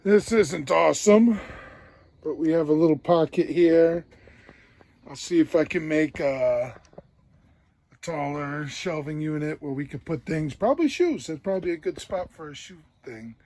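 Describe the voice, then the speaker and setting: High gravelly guy building stuff at home, slow talker, cusses a lot, grumbles at his own work. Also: expressive, darkish tone. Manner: frustrated, swearing, self-mocking. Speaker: DIY vlogger. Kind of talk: casual building vlog.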